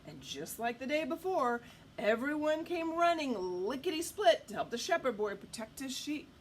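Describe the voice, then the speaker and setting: A woman's voice: high-pitched, normal speed, a little hiss or hum. A woman reading a picture book aloud to children at storytime, stopping often to ask the listener questions. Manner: animated, asks the listener questions. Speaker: storytime reader.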